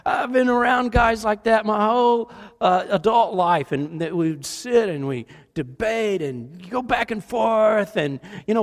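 A man with a high voice preaches a sermon with lively storytelling. His delivery moves between booming and hushed passages. The sound carries a long reverb, as in a large hall. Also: unhurried, few pauses. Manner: animated storytelling, shifts between loud and hushed. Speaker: pastor.

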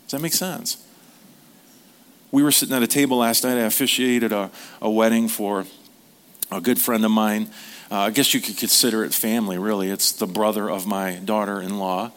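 A man's voice: lowish voice, fairly even intonation, moderate pace, fairly bright tone. A middle-aged man preaching a sermon as a pastor, in a conversational, joking way, asking the congregation questions.

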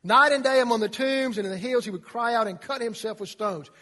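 A male pastor preaching a sermon, telling the story dramatically and dropping to quiet emphasis. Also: extremely high pitch, a little fast, long reverb tail.

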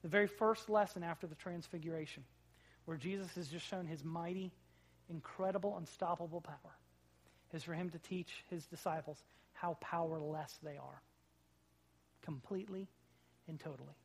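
A man in his thirties preaching a sermon, telling a family story with big swings from hushed to loud. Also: a little high, fairly even intonation, moderate pace, gravelly, pauses often. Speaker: pastor.

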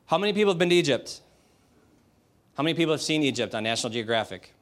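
A man's voice: mid-range voice, animated, fast talker, a bit bright. A man preaching a sermon in a direct, emphatic, conversational way, asking the audience rhetorical questions. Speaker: pastor.

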